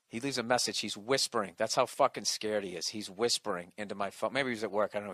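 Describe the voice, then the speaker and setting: A man's voice: fairly low pitch, fast, few pauses, fairly bright tone, dry recording. A man doing a profane comic rant with mocking asides. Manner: profane ranting, mocking impressions. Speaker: comedian. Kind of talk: podcast rant.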